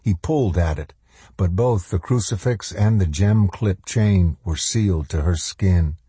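A man narrating a horror novel in a measured, steady storytelling manner. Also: low voice, breathy edge, no echo. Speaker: audiobook narrator.

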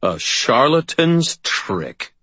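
A man's voice: low voice, big pitch swings, unhurried, fairly bright tone, breathy edge, no echo, exaggerated voice. A man voicing an imperious, commanding male vampire king.

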